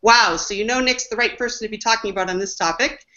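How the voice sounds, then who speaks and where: She speaks quickly in a mid-range voice with a bright, forceful tone, hosting a business webinar over dull lo-fi audio. A marketing executive, she enthusiastically introduces each panelist in an upbeat manner.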